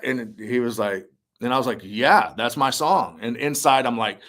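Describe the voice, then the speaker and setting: A young man with a medium-pitched voice speaks at normal speed in an interview. A musician and army veteran, he tells stories casually and animatedly, acting out quotes amid lots of fillers.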